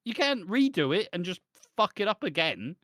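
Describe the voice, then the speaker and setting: A British man in casual podcast chat, sarcastic and heavy on swearing as he mocks what he watched. His voice sits a little high. The recording is dry and close. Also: sing-song, moderate pace, fairly bright tone, no echo. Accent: British English. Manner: sarcastic, swears a lot, mocking impressions. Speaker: podcast co-host.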